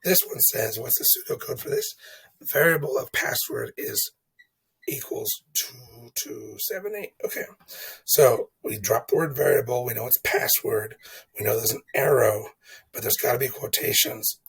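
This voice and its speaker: A man's voice: medium pitch, expressive, moderate pace, gravelly, fairly bright tone, slightly rough, poor audio. A man explaining coding exercises in a casual lesson, chatty and thinking aloud, often checking in with "okay?". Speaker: teacher walking through coding exercises. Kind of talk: casual screen-recorded lesson.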